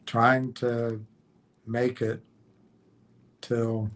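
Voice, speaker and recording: Slow-talking man hosting a livestream. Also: medium pitch, level tone, a bit bright. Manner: unhurried, trails off with fillers. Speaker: livestream host. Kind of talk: casual chat reading viewer comments.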